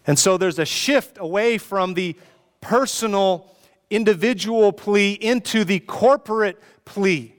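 A man's voice: sits high, measured pace. Earnest man preaching in a reverberant hall. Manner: earnest, pleading preaching with repeated rhetorical questions. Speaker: pastor. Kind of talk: sermon.

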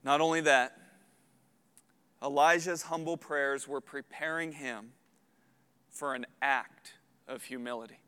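A man in his thirties preaching a sermon as a pastor, earnest and building to loud emphatic peaks. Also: medium pitch, steady tone, measured pace, pauses often, clear, resonant tone. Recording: long hall reverb.

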